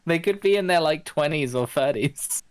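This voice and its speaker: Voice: mid-range voice, lively intonation, normal speed, clear, resonant tone, dry recording. A gaming partner in their thirties, easygoing and reflective, chuckling while talking. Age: 30s. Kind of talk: casual gaming chat.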